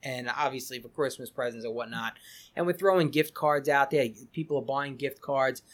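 As a guest on a casual podcast interview, a middle-aged cigar company founder rambles, often restarting sentences and repeating words. He speaks a little fast in a mid-range voice.

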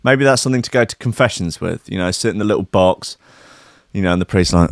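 A man's voice: low-pitched, fast talker, vocal fry, no echo, studio quality. A man hosting a casual comedy show, talking in a sweary, rambling and sarcastic way. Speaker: host.

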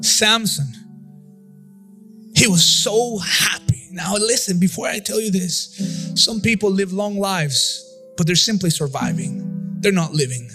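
A male pastor leading a church prayer and sermon, impassioned, repeating phrases and half-singing some lines. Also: high-pitched. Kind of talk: sermon and altar-call prayer. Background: instrumental music.

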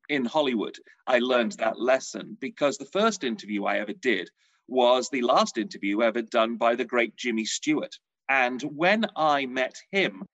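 A man's voice: mid-range voice, no echo, dull audio. Chatty man, dry sound. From England. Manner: chatty storyteller, animated. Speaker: showbiz journalist guest. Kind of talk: casual interview chat.

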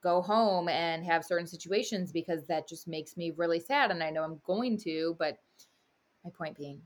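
A woman co-hosting a podcast, speaking candidly and openly in casual chat. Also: on the low side. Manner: candid, open, talks through feelings. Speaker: podcast co-host.

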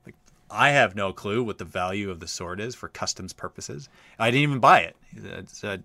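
Low, punchy male host spinning a rambling casual anecdote, recorded dry. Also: moderate pace, vocal fry, pushed and bright, no echo. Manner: chatty, rambling, lots of uh fillers. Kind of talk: casual storytelling.

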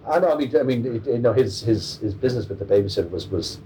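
An Irish comedian in his forties is being interviewed, joking and rambling with many restarts. His mid-range voice has a dark tone and lively intonation, and he talks at a quick pace. A distant mic picks him up with faint noise.

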